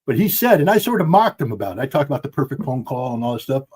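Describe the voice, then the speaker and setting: A man's voice: mid-range voice, sing-song, very fast, darkish tone, husky. A middle-aged man delivers heated commentary on a podcast, speaking bluntly and with plenty of force. He is talking from his home, and his tone stays impassioned and emphatic throughout. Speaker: guest commentator. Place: at home with dogs.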